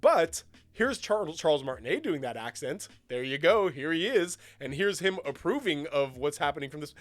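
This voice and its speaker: A man co-hosting a podcast, talking in an enthusiastic, animated way and laughing often. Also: a little high, normal speed, no room sound. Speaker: podcast co-host. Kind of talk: casual chat.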